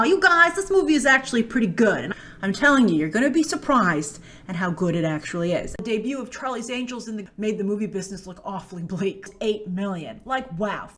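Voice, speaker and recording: Gushing, high, lively woman critic. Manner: gushing and emphatic, then flatly dismissive. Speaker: online film critic. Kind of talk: movie review commentary.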